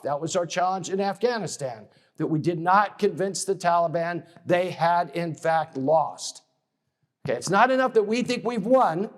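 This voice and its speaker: Male lecturer, fairly high voice, casual conference-talk delivery with frequent "okay?" check-ins. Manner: restarts and repeats words while building a point. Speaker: military studies lecturer and author.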